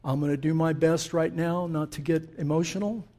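A man preaching in a church with a fairly high voice. He is impassioned and direct with the congregation, swinging between hushed, quiet passages and loud, fervent peaks. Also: steady tone, moderate pace. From Middle East. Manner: direct, talks straight to the congregation. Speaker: pastor. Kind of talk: sermon.

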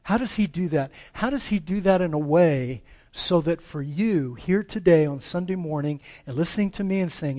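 An American man, a pastor, preaching a dramatic sermon, swinging between loud pleading and slow hushed reading. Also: fairly high pitch. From United States. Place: church sanctuary.

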